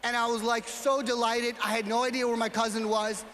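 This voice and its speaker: A man from New York with a New York accent, giving a motivational speech as a gala speaker and telling a story while often shouting out to the crowd. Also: very high voice, flat delivery, a little fast, a little hiss or hum. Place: large banquet hall. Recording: hall reverb, faint ambience.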